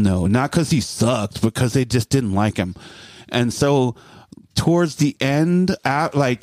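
A man telling a story in casual podcast chat, animated and profane, mimicking voices as he goes. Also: medium pitch, dry recording. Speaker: guest storyteller.

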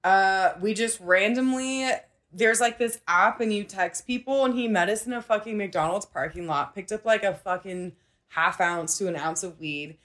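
Profane, animated young woman telling stories. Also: mid-range voice, normal speed. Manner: profane, animated, acts out quoted voices. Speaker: podcast host. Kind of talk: casual storytelling chat.

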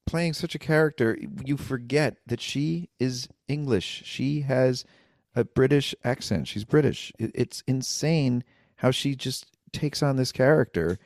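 Mid-pitched man chatting enthusiastically. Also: a little slow, darkish tone, dry recording, clean studio sound. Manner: enthusiastic and admiring. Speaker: podcast co-host. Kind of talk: casual chat.

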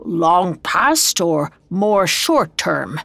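A woman voicing a grumpy, miserly old man with a croaking voice in an audio drama story. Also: fairly low pitch, very animated, drawn-out words, fairly bright tone, no room sound, full character voice. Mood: uneasy. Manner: croaking, scoffing.

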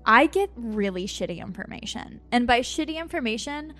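A woman with a fairly high voice tells her own story on a podcast in a loose, candid way. She laughs easily and fills her talk with little fillers as she goes. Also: expressive, moderate pace, a bit bright, soft background music. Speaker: podcast host and medium.

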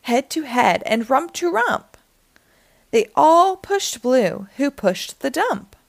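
A woman reading a children's picture book aloud in an expressive, sing-song storytelling manner. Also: high-pitched, takes it slowly, gravelly, no echo.

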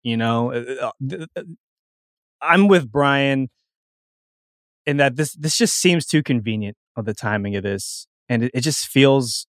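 A man's voice: mid-range voice, unhurried, dry recording, studio quality. A young man hosting a casual talk show, rambling along with restarts and chuckles. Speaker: show host. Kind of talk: casual wrestling talk chat.

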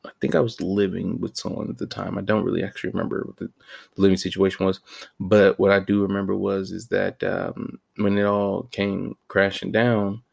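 Low gravelly dude just rambling on his podcast, lots of slang, roasting himself. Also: little pitch movement, moderate pace. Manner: slang-heavy, rambling, self-mocking. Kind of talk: casual monologue.

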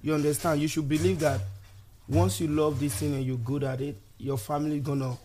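A man's voice: a little high, level tone, a little fast, mellow, a little hiss or hum. A man talking emphatically in a casual podcast conversation. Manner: emphatic, calls people bro.

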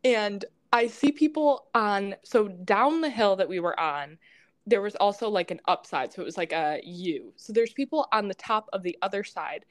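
Laughing, animated young woman storyteller. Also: medium pitch. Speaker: podcast co-host. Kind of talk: casual storytelling chat.

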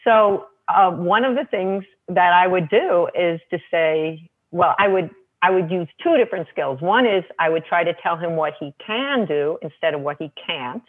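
A woman, co-author of a parenting book and mother of two, telling relaxed stories about raising her kids in a chatty way. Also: fairly low pitch, normal speed, hardly any pauses. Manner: relaxed, anecdotal, hesitant restarts. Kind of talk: casual conversational storytelling. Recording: tinny phone-like line.

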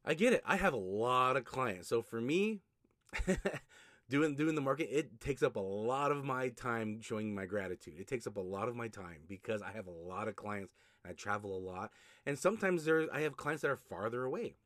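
A man's voice: medium pitch, expressive, normal speed, a bit bright, no echo, studio quality. A man hosting a solo podcast, giving casual advice in a conversational way, often restarting his sentences. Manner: conversational, repeats himself, frequent restarts and fillers. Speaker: podcast host, notary signing agent.

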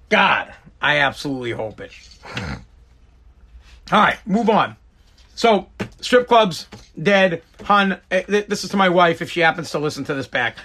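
A man's voice: fairly high pitch, expressive, moderate pace, gravelly, sharp tone, husky. A man in his forties, a podcast host, ranting crudely and jokingly in a rambling way, with stammered restarts. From United States. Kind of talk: casual comedic rant.

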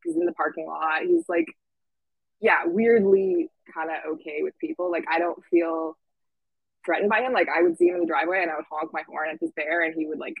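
A young woman tells a camp story in an easygoing, chatty way, leaning on fillers and acting out what people said. Her voice has a slight gravelly fry. The sound is dry and close, with no room echo. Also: low voice, fairly quick, phone-quality sound. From Washington State. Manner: chatty, lots of "like" fillers, lively quoting. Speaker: camp staff guest. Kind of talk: casual storytelling.

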